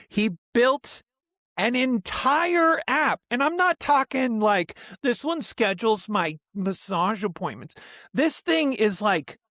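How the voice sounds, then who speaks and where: A man's voice: extremely high pitch, slow, no room sound, studio quality. A man hosting a podcast, telling a family story in casual chat and acting out the quotes as he goes. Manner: animated storyteller, acts out quotes. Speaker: podcast host.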